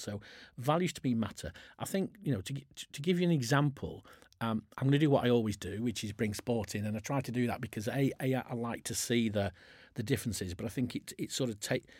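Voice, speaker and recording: Man, business chairman, podcast chat, husky, lowish voice, restarts sentences. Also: a little mellow, no room sound, clean studio sound. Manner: chatty, restarts a lot, uses sports stories. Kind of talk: casual podcast conversation.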